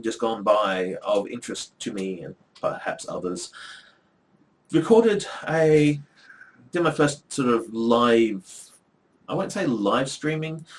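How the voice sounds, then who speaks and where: A middle-aged man, chatting casually to the camera in a rambling, wry way with lots of ums. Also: lowish voice. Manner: rambling, chatty, with frequent ums and dry asides. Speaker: vlogger and academic.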